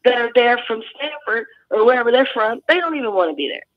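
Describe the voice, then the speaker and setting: A woman's voice: a little high, animated, fast. Earnest woman veteran on a muffled line. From California. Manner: earnest, many restarts. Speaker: guest veteran. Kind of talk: phone-in talk show interview.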